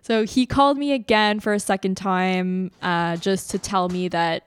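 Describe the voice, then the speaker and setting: A woman's voice: mid-range voice, steady tone, moderate pace, clean tone, no echo. A young woman from Canada co-hosting a podcast, telling a personal story in a chatty way, with many fillers and laughs between lines. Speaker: podcast co-host. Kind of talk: casual storytelling.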